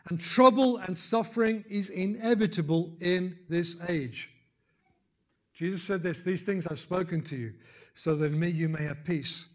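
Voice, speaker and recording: Older man preaching with rising fervor. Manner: builds to loud emphatic peaks, then drops low and soft; conversational asides and gentle humor. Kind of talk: sermon.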